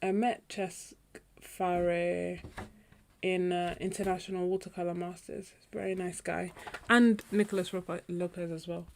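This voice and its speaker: A woman's voice: on the low side, level tone, unhurried, vocal fry, slight background noise. A woman who hosts an art livestream, chatting casually with viewers in a meandering way and often trailing off while she searches for names. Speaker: artist hosting a painting livestream. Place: home studio, indoors.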